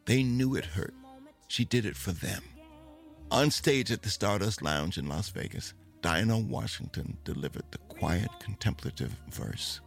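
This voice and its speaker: Gravelly, expressive male storyteller. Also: low-pitched, measured pace, soft background music. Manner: expressive, lingering on dramatic moments. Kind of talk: dramatic spoken storytelling.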